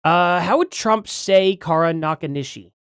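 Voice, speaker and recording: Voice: medium pitch, unhurried, fairly bright tone, clean tone, no room sound, clean studio sound. A livestream host chatting casually from home, rambling and correcting themself while reading out donations. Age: adult parent.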